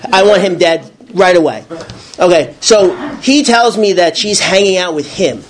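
Guy with a high voice telling a personal recovery story, rambly, lots of restarts and repeats, gets animated acting out the yelling. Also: moderate pace. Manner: animated, acting out his own shouting.

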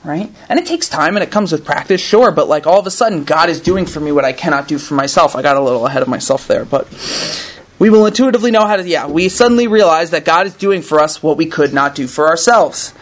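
A man's voice: a little high, animated, quick pace. A man reading aloud and commenting to a recovery group, in an earnest, conversational way, often ending thoughts with "right?". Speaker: recovery meeting speaker.

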